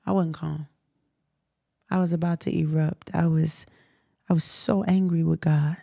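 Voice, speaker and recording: Animated woman telling her story. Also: low voice, measured pace, gravelly, no echo, studio quality. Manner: animated, laughs often, emphatic. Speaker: host. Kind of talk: candid interview storytelling.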